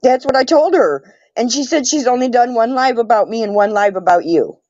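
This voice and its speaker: A woman's voice: a little high, brisk, darkish tone, no room sound. Blunt woman on a muffled call. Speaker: livestream guest. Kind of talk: casual livestream chat. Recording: muffled dry call audio.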